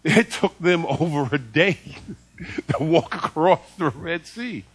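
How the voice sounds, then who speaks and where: A man preaching a sermon in an animated way, laughing often and acting out quoted voices. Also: on the high side, slow pace, slightly rough.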